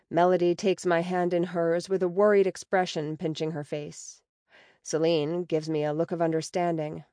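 Wry, low-voiced woman narrating an audiobook. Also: no echo, clean studio sound. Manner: wry, sarcastic, expressive. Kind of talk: first-person audiobook narration.

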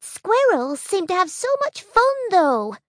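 A high, bouncy little honeybee girl, clumsy and full of daring, as a woman reader puts her on. Her lines leap up with breathless excitement and swing widely in pitch. The read is dry and close, with no room sound. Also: measured pace, no room sound, exaggerated voice. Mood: excited.

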